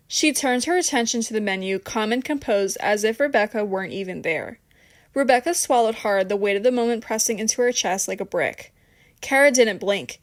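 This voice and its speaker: A woman narrating an audiobook in a steady, even reading voice. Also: medium pitch, normal speed.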